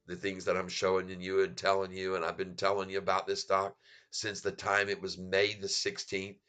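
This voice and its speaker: Bright-voiced man, excitable and rambling. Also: deep voice, normal speed. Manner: excitable, rambling, laughs often. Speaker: stock market channel host. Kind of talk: casual video commentary.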